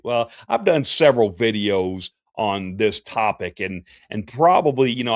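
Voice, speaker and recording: This man works as a professional Santa and is running a relaxed livestream Q&A, rambling folksily with plenty of fillers and false starts. His voice is on the low side, captured dry at studio quality.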